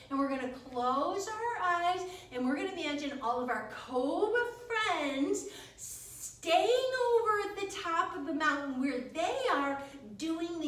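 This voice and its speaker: High-voiced woman leading kids' yoga. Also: a bit bright. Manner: encouraging, sing-song, talks to small children. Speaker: kids yoga teacher. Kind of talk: guiding a children's yoga class. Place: yoga studio. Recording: very echoey room from far off.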